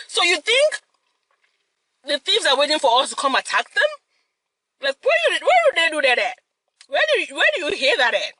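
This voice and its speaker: Animated young woman telling a story. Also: high voice, normal speed, pauses often, poor audio. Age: young adult. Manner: animated, laughing, mixes in Yoruba phrases. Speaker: mukbang host. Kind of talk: casual storytelling while eating.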